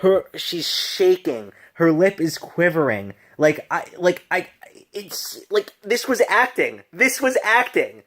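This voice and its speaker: A man's voice: sits high, big pitch swings, takes it slowly, fairly bright tone. A tipsy man casually reviewing a film on his vlog, gushing and rambling with many restarts and laughs.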